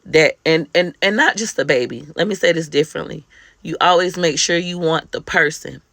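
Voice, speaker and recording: A woman's voice: deep voice, moderate pace, vocal fry, a bit bright, dry recording, clean studio sound. A woman talking candidly to camera as a mother, emphatic, heartfelt and blunt. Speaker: mother sharing life advice. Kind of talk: candid personal monologue to camera.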